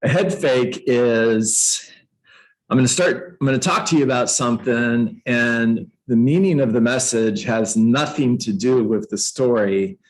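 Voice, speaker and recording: A man who coaches real estate agents, telling a playful story to a room and jumping up in pitch for emphasis. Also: measured pace, low-quality recording. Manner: animated, playful, uses props, jumps up in pitch for emphasis; addresses listeners by name. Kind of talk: storytelling motivational talk.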